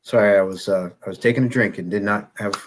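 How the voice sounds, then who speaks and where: A man hosting a casual chat show, easygoing and quick to laugh. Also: lowish voice, steady tone. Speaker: host.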